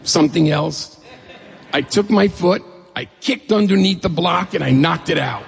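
A middle-aged man telling a humorous personal story, animated and acting out the dialogue. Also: normal speed, vocal fry, husky. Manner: animated, acts out dialogue with rising pitch. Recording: long hall reverb.

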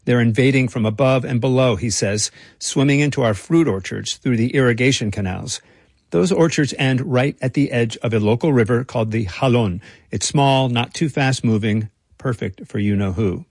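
A man reporting and narrating a radio feature in a measured, dry storytelling delivery. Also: mid-range voice, darkish tone, dry recording. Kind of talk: scripted narration.

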